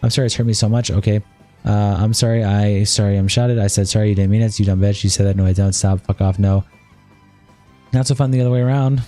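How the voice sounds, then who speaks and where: A man streaming live, reading a long chat argument aloud in a rapid, flat read-through. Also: lowish voice, faint music behind.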